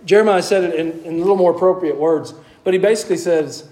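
A man preaching a sermon, moving between hushed asides and emphatic, high-pitched exclamations. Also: animated, quick pace, few pauses.

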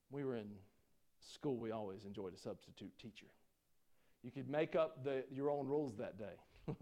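A pastor with a mid-range voice preaches a sermon in a folksy manner, joking with the congregation. He swings between loud preaching and quiet asides.

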